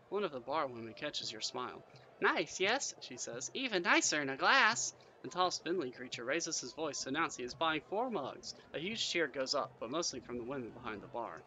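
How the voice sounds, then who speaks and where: A man's voice: medium pitch, bright, forceful tone, slight background noise, low-quality recording. A man reading a fantasy gamebook aloud, narrating in second person with chatty asides. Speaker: gamebook player and reader.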